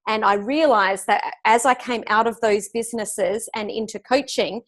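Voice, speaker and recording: A woman's voice: on the high side, moderate pace. A middle-aged woman, a business coach answering interview questions in an upbeat, emphatic way over a video call. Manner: upbeat, emphatic, laughs easily.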